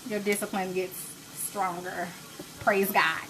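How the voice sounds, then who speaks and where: Brief: woman, late 30s, bright and forceful voice, chatty and preachy host on a live cooking stream, faint noise behind. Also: medium pitch, little pitch movement, takes it slowly, poor audio. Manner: chatty, preachy, encouraging faith talk. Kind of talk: live-stream chat with viewers. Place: home kitchen.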